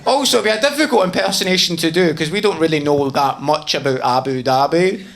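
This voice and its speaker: A man doing a stand-up routine, telling a self-mocking story in an animated way on a noisy stage recording. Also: fairly high pitch, fast. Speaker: stand-up comedian.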